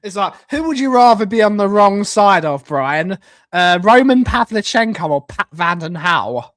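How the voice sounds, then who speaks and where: A man's voice: high voice, expressive, moderate pace, a bit bright, no echo, clean studio sound. A man co-hosting a casual live stream, teasing his partner and tossing in quips and player names. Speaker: co-host.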